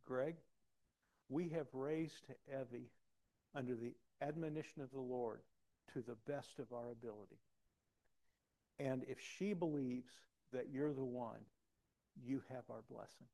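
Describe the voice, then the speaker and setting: A man voicing a plain-spoken devout father giving his blessing, speaking slowly and quietly. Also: mid-range voice, vocal fry, poor audio. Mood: solemn.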